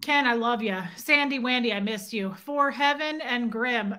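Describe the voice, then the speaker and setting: A woman in her late thirties hosts a casual livestream, reading out viewer names with playful nicknames. Her voice sits high and bright, with a chatty, bubbly manner throughout. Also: measured pace. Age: 30s. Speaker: livestream host. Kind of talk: casual live chat reading viewer comments.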